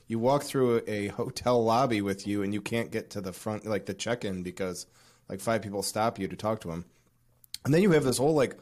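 A man hosting a casual podcast interview, asking questions in a friendly way with relaxed slang. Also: lowish voice. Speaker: podcast host.

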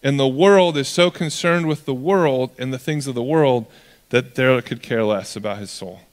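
A man's voice: mid-range voice, moderate pace. Male pastor, sermon, conversational storytelling, acts out voices, long hall reverb.

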